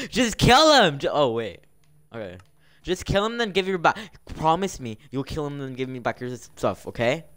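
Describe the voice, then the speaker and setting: A man's voice: medium pitch, very animated, moderate pace, clear, resonant tone. Male streamer refereeing a game server: exasperated, scolds players, breaks into laughs, mid-range voice. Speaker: livestreamer running a Minecraft server. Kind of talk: casual live-stream commentary.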